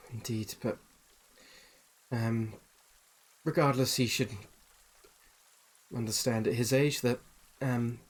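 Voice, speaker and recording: A man narrating as dungeon master in a relaxed, halting way with many pauses. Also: mid-range voice, slightly rough. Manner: relaxed, halting, lots of ums. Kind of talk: narrating a tabletop game.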